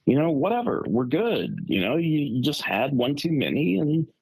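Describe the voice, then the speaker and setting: A man putting on the voice of a calm, amused adult man who can box, talking in a laid-back drawl. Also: a little high, moderate pace, gravelly, breathy edge, voice pushed up, exaggerated voice. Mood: reassuring.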